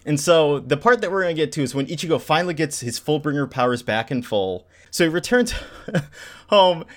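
A man co-hosting a casual podcast, enthusiastically recapping a manga with many fillers and acted-out lines. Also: medium pitch. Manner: enthusiastic, lots of "like" fillers, acts out characters' lines. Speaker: podcast co-host.

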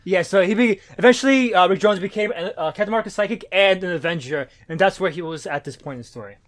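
A man's voice: sits high, fast. A man co-hosting a casual comic book chat, rambling and profane, acting out characters' lines as he retells the story. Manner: rambling, profane, acts out quotes. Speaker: podcast co-host.

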